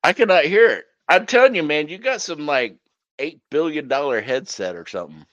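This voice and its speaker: Guy on a headset cohosting a podcast, blunt and cussing, lively pitch, kinda muffled. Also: brisk, no echo. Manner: blunt, swears, ranting. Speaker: podcast co-host. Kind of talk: casual chat. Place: home.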